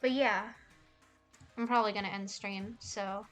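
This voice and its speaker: A woman's voice: medium pitch, fairly even intonation, unhurried, pauses often, a bit bright, faint music behind. A young woman streaming casually, rambling and cooing affectionately at cats in a game. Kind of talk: casual livestream chat.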